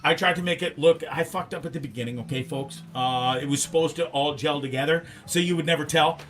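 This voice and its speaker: Bright-voiced rambling talk show host. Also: male voice, fairly high pitch, fairly quick. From Canada. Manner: animated, rambling, swears freely. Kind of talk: casual live show chat.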